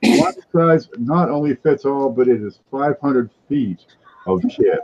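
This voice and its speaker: A man hosting a casual coin auction live stream, joking his way through a mock sales pitch. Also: animated, measured pace, muffled recording, very noisy.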